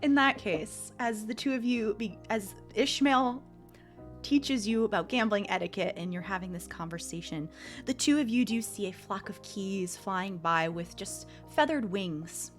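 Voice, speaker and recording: A woman running a tabletop role-playing game as game master, measured and instructive. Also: mid-range voice, faint music behind.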